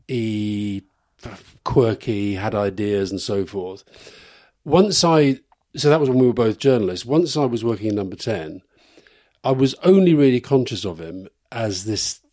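A man's voice: lowish voice, darkish tone, dry recording, clean studio sound. A middle-aged man co-hosting a live podcast, rambling through anecdotes and chuckling at his own stories. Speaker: podcast co-host.

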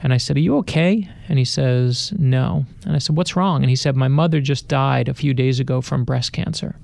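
With vocal fry and a darkish tone, this middle-aged best-selling author speaks at medium pitch, a little fast and flat, with no echo. He's a radio studio interview guest telling personal anecdotes and acting out quoted voices.

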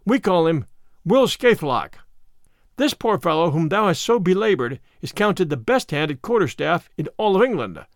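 A jovial outlaw chief, laughing and hearty, full of old-fashioned speech, as a male reader puts him on. His voice swings lively up and down. The recording is close and dry. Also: sits high, normal speed, no room sound. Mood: merry. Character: boisterous outlaw leader, adult man, merry.

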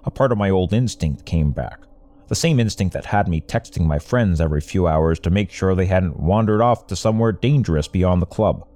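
A young man tells a first-person story in a wry, conversational manner. His voice sits low and mellow. His pitch moves in lively swings as he narrates. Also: brisk.

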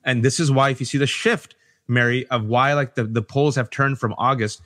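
Emphatic, fired-up man on a podcast panel. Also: medium pitch. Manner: emphatic and animated, quick bursts, mimics people. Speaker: panel guest. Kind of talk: impassioned political podcast discussion.

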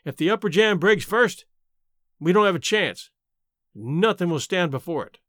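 A man reading a story voices a frontiersman who speaks in a measured, matter-of-fact way. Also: sits high, lively intonation, fairly bright tone, no echo, studio quality. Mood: grim.

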